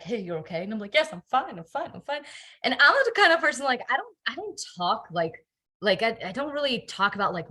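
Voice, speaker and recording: A young adult woman telling her life story in a relaxed interview, lively and full of fillers and repeats. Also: a little high. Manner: animated, many fillers and repeated words. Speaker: guest. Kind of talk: conversational storytelling.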